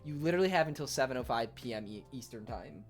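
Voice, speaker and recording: A young man chatting casually on his livestream in an animated, rambling way, full of fillers. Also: medium pitch, fast talker, soft background music. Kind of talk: casual stream chat.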